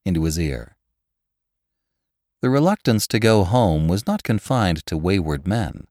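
A man narrating a classic novel in an expressive, measured reading. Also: low voice, dry recording, studio quality. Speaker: audiobook narrator.

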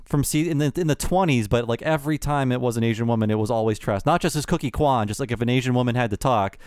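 A man co-hosting a casual podcast chat with a wry, animated manner. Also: mid-range voice, fast talker, clear, resonant tone, dry recording, studio quality. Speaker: podcast co-host.

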